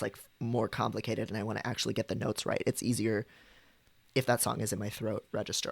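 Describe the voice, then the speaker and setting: A man's voice: medium pitch, gravelly, dry recording. A man on a live stream, chatting casually and explaining voice technique, trying out different vocal registers.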